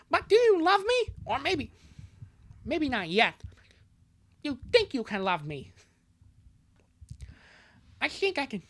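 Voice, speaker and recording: Woman voicing a heartbroken teen girlfriend, raised pitch, lively and pleading, fan dub reading. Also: exaggerated voice. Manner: emotional, pleading. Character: hurt, earnest teenage girlfriend pleading.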